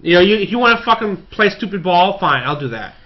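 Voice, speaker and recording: A man's voice: sits high, big pitch swings, fast talker. A man co-hosting a movie review podcast, ranting with exasperation and plenty of swearing. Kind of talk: casual movie review chat. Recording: dull lo-fi podcast audio.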